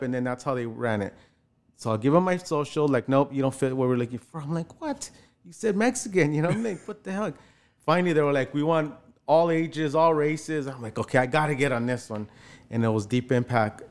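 An actor in his forties recounts how he got started in film during a casual interview, speaking a little fast in a smooth, mid-range voice. He's animated, acting out quoted people with sudden jumps in pitch, and his loose speech is packed with fillers.

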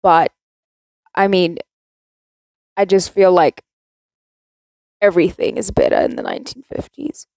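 This teenage podcast host from South Africa speaks unhurriedly with vocal fry and long pauses, in a fairly low, slightly mellow voice. Her casual rant is chatty, rambling and self-contradicting. The recording is dry.

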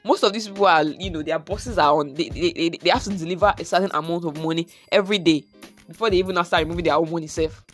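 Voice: medium pitch, fast, soft background music. A vlogger with a Nigerian accent telling a casual, exasperated story and dropping in pidgin slang.

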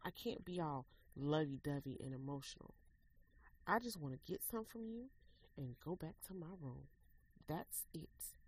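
A woman's voice: low voice, animated, a little slow, slight background noise, rough recording. A woman reading a story aloud, voicing a stern, blunt husband who speaks coldly and demands what he wants. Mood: cold, demanding. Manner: cold, demanding.

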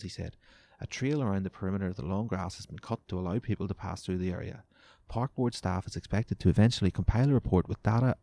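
A man's voice: deep voice, creaky, dark tone. A young man, a podcast host ranting casually and sarcastically, swearing as he reads news items aloud.

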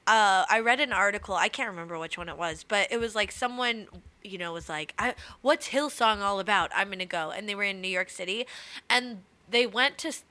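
A young woman co-hosting a casual podcast, chatty and animated, with quick asides and casual swearing. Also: medium pitch. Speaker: podcast co-host. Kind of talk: casual chat.

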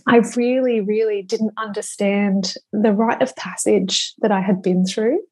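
A woman in her thirties, a podcast guest speaking slowly and reflectively, at times emotional. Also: mid-range voice, fairly even intonation, a little mellow, slightly rough. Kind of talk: conversational interview.

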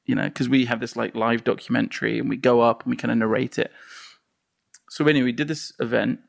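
A filmmaker telling animated stories in a conversation, acting out crowd reactions and laughing along. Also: male voice, medium pitch, a little fast, gravelly, no echo, studio quality. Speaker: filmmaker and guest.

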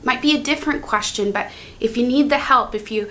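Woman, somewhat high voice, earnest and gentle, guided prayer teaching, modeling heartfelt prayers. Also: fairly quick.

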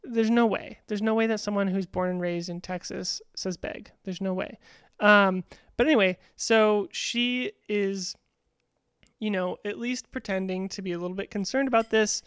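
A woman's voice: medium pitch, fairly even intonation, moderate pace, clear, resonant tone, no echo, studio quality. A woman co-hosting a podcast, recapping a reality dating show in casual, chatty talk with frequent ums. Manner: chatty, frequent "um" and "you know". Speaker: podcast co-host.

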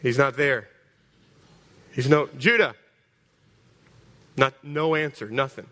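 A man preaching a storytelling sermon, animated, stumbling over repeated words and calling out to the congregation. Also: mid-range voice, slow pace. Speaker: pastor.

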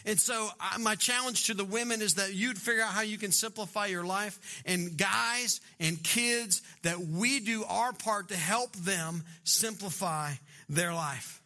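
A man's voice: high voice, unhurried, few pauses, bright, forceful tone. A middle-aged man preaching a sermon, joking and acting out quoted voices. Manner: humorous, acts out quoted voices. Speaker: pastor.

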